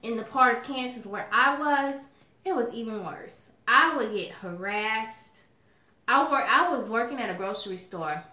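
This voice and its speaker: A chatty, sassy woman with a Southern drawl from Alabama talks casually to her viewers, calling them y'all. Her voice sits a little high and sounds bright and forceful. It bounces around an echoey room. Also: a little slow. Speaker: mukbang vlogger.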